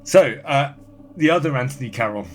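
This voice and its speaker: A man chatting as a podcast guest, reading out listener comments in a brisk, offhand way. His voice sits at an ordinary middle pitch, and his delivery stays dry. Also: animated. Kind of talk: casual chat, reading listener comments aloud.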